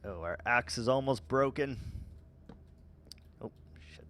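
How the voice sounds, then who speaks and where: A man casually chatting with viewers while playing a game, rambling and relaxed with many fillers and restarts. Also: mid-range voice, takes it slowly, slight background noise. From United States. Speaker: gaming vlogger. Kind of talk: casual let's-play chat answering viewers.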